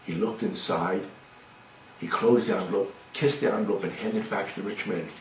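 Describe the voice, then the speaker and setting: Man, children's storyteller, expressive, dramatic, echoey, far from mic. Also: low-pitched, brisk, slight background noise.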